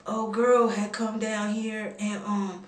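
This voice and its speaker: Woman mimicking a fumbling man on voicemail, halting, uh and you know, roomy sound from a distance. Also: medium pitch, little pitch movement, close to an everyday voice. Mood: sheepish. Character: stammering man making excuses on voicemail.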